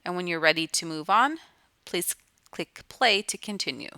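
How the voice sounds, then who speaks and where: A woman's voice: lowish voice, expressive, normal speed, sharp tone, no room sound. A woman teacher giving a recorded lesson to students, explaining patiently and restating each point.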